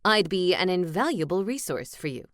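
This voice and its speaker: A woman's voice: fairly low pitch, expressive, moderate pace, fairly bright tone, no echo. A woman reading the part of an eager, helpful male ghost with old-fashioned phrasing, in a dry close recording.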